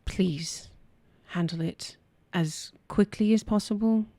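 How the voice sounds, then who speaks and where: A woman's voice: medium pitch, slow, warm tone, no echo. A woman playing a composed noble lady ruler. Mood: earnest.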